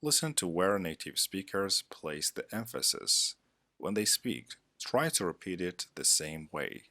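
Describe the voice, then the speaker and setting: A man narrating a scripted English lesson as a teacher, with a measured, deliberate instructional delivery. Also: sits low, big pitch swings, pushed and bright, no room sound.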